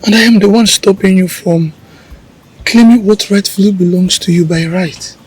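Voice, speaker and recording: An actor playing a worried young man deeply in love in a film drama. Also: moderate pace, slightly rough, low-quality recording. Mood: fearful. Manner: worried, pleading.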